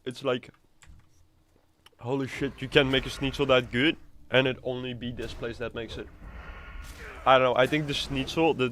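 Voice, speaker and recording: A man's voice: medium pitch, fairly bright tone. A man streaming a video game live, chatting and rambling casually and swearing freely. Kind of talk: casual live gameplay commentary.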